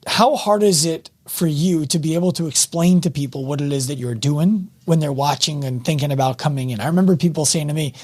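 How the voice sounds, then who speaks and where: A man's voice: on the high side, a little fast, few pauses, darkish tone. A man hosting a fitness podcast and interviewing a guest, chatty, asking long winding questions. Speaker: podcast host and fitness coach. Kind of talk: casual interview talk.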